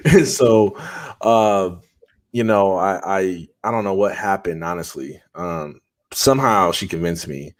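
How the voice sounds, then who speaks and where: A man's voice: deep voice, takes it slowly. A man, a podcast guest, telling a personal story in an earnest, conversational way, with frequent restarts.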